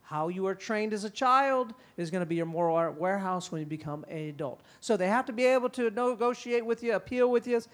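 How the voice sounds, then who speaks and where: A middle-aged man speaking at a parenting conference, lively and conversational, often slipping into quick impressions of parents and kids. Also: high-pitched. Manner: animated, acts out parents and kids in quick quoted voices. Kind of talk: conference talk.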